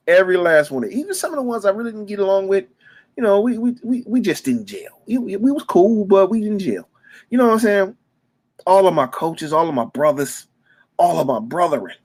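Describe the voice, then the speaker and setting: A man from Detroit, a former youth football coach, talking off the cuff as a fan. He gets emotional, repeats himself, stumbles over words and breaks into sudden loud bursts. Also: high voice. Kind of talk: emotional unscripted fan monologue.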